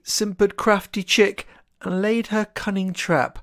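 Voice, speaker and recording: An author reading a rhyming picture book aloud in an expressive, sing-song rhythm. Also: mid-range voice, takes it slowly, no room sound, clean studio sound.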